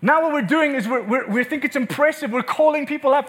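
A man with a very high voice preaches a sermon with passion and urgency. He hammers his points home and repeats words for emphasis. He is speaking to a congregation in a church room. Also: quick pace, few pauses, fairly bright tone. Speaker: pastor.

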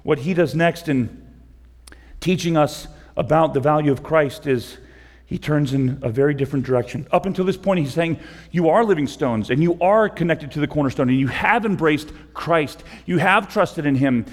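Impassioned pastor in a reverberant hall. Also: male voice, fairly high pitch, moderate pace. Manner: conversational, repeats words, builds to impassioned pleas. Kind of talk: sermon. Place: church sanctuary.

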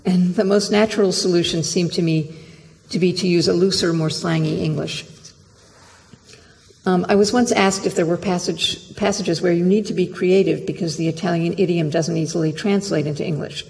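A literary translator reading a prepared lecture in a measured, careful way, heard in a lecture hall. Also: mid-range voice, fairly even intonation, creaky, darkish tone. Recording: long hall reverb.

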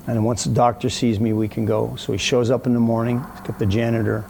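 A man with a gravelly, mellow voice tells a story in a casual interview, faint background noise behind him. He is animated and mimics the people he quotes. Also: mid-range voice, fast talker. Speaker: guest telling a story.

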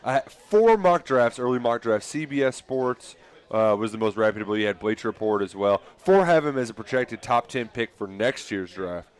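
A man talks football on sports radio. He is chatty and excitable and laughs easily. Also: mid-range voice, moderate pace, clean tone. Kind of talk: casual sports talk radio.

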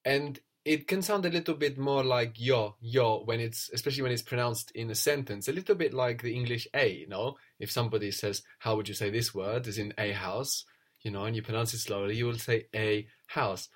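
With a medium-pitched voice, a man teaches a spoken language lesson, explaining patiently and slowly repeating words for his student.

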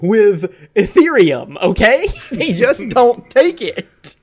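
A man's voice: high voice, sing-song, takes it slowly, a little mellow. A man co-hosting a casual podcast chat, sarcastic and joking, often laughing as he talks. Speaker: podcast co-host.

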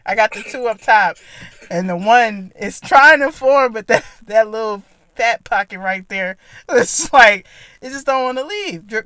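A woman's voice: medium pitch, fairly bright tone, no room sound. A woman hosting a podcast in casual, playful chat, joking in slang and laughing often. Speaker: podcast host.

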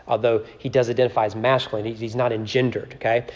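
A man's voice: mid-range voice, little pitch movement, fast talker, in a large hall, dull audio. A man teaching a church Bible study in a conversational way, often asking "right?" and reading scripture aloud with emphasis. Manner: conversational, repeats words and tags lines with "right?".

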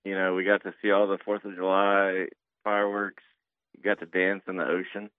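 A man's voice: deep voice, flat delivery, moderate pace, clean tone. A man co-hosting a casual podcast, joking and rambling. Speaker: podcast co-host. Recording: tinny phone-like line.

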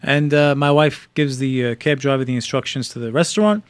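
A middle-aged man telling a story in casual talk, halting with many fillers and restarts and getting animated at the exciting parts. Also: mid-range voice, clean tone, dry recording.

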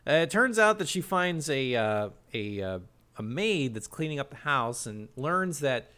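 A man recapping a show's plot for a comedy podcast, animated and jokey, with frequent restarts. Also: medium pitch, a little slow, smooth. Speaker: podcast co-host recapping a show.

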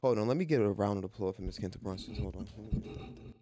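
A man's voice: fairly low pitch, fast, heavy background noise. A man co-hosting a casual podcast, talking animatedly, exclaiming and repeating himself. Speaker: podcast co-host. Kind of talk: casual chat.

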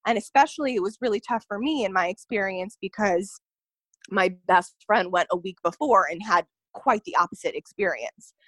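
A young adult woman on a podcast tells a personal story with sincerity, using plenty of "like" and "you know." Her mid-range voice is fairly bright and moves at normal speed, with no echo.

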